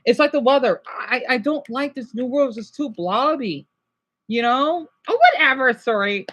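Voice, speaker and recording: A man's voice: very high-pitched, normal speed, fairly bright tone. A young man vlogging casually, rambling and interrupting himself while drawing a chart and airing complaints. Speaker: gaming vlogger.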